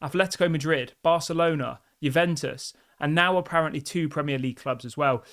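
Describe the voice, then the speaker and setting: A man's voice: on the high side, fairly quick, fairly bright tone. A man hosting a live football fan show. He talks in a chatty, direct way and keeps asking viewers to share their opinions. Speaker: football fan channel host. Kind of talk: live-stream commentary to viewers.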